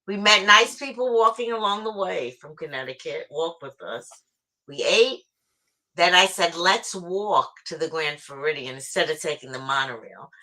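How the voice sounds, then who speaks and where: A woman's voice: on the low side, moderate pace, pushed and bright. A woman from New York with a New York accent, chatting casually as a guest on a live stream about her everyday outings.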